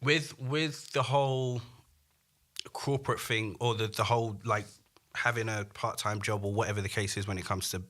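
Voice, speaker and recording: A man's voice: lowish voice, steady tone, moderate pace, fairly bright tone. A man hosting a casual podcast interview, encouraging his guest with frequent agreement. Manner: encouraging, frequent "yeah yeah" backchannels. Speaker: podcast host.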